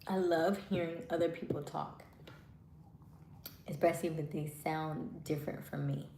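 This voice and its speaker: A woman with a low voice chats casually with her live stream viewers, full of fillers. She speaks softly and lets her words trail off. The sound is roomy and echoey, with a faint hiss underneath. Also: steady tone, normal speed, vocal fry. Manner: chatty, many fillers.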